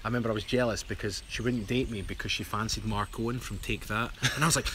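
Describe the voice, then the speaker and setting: A man's voice: on the low side, fairly even intonation, fast talker, hardly any pauses, a bit bright, a little hiss or hum. A Scottish man in his thirties co-hosting a live stream, joking and reading out viewer comments in casual chat. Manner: jokey, reads out viewer comments.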